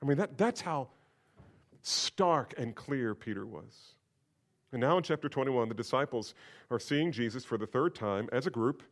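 A man, a senior pastor, preaching a sermon in an animated, conversational way with rhetorical questions. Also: medium pitch, normal speed.

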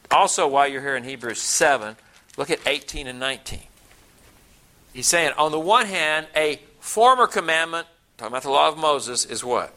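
A man preaching a Bible-teaching sermon who reads scripture slowly and keeps asking his listeners questions. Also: on the high side, bright, forceful tone.

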